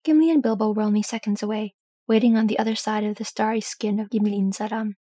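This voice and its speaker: Woman, story reader, steady narration, husky, dry close sound. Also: mid-range voice, fast, no echo. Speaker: audiobook reader. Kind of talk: fan fiction reading.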